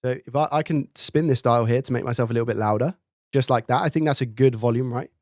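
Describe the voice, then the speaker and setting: Male streamer, mid pitch, casual chatter and mic checks, dry close-up studio mic. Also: quick pace, darkish tone, dry recording. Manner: thinks aloud, repeats mic checks, reads viewer chat. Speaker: live-stream host testing his mic. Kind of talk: casual live-stream chat. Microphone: studio dynamic mic, close up.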